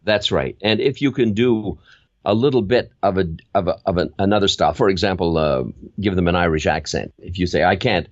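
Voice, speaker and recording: An older man talks with a deep, low voice in a casual interview. He keeps telling stories and slips into little acted examples. The sound is dry and a bit dull, like a lo-fi recording. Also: brisk, dry recording. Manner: animated storyteller, acts out examples. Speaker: guest, voiceover veteran.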